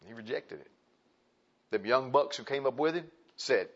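A man's voice: medium pitch, expressive, moderate pace, long pauses, fairly bright tone. Man preaching, repeating phrases. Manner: conversational, repeats phrases for emphasis. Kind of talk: sermon with scripture reading. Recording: slightly muffled recording.

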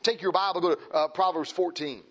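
A man preaching a fiery sermon, emphatic and repetitive, swinging between shouts and hushed tones. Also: sits high, steady tone, brisk, husky. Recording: dull lo-fi recording.

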